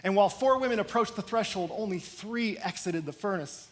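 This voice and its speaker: A male pastor preaching a sermon, retelling a story with expressive, dramatic emphasis. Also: sits high, fairly quick, a little hiss or hum.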